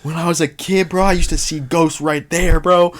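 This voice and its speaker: Man putting on a loud young local, high pitched, drawn-out slangy delivery. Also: fairly even intonation, close to an everyday voice. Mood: amazed. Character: excitable young male street local, loud.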